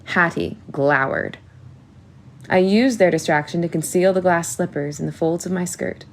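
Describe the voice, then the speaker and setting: A woman narrating a first-person audiobook in a measured storytelling manner. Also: fairly low pitch, slight background noise.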